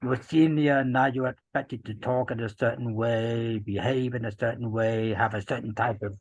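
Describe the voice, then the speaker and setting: A man in his fifties from Gloucester in England, a podcast guest talking in a measured, reflective way with many "you know"s, through earpieces. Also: mid-range voice, fairly even intonation, no room sound, poor audio. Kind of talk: casual interview chat.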